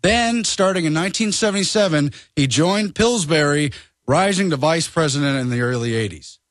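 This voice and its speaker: A male reporter on a talk radio show giving brisk commentary that lists facts. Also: a little high, expressive, dry recording, studio quality.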